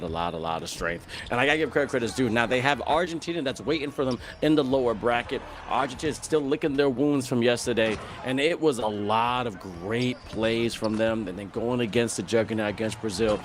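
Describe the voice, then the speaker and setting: A man's voice: mid-range voice, a little hiss or hum. A man commentating an esports basketball game, walking through plays and the tournament format. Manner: flowing, explanatory play-by-play with asides.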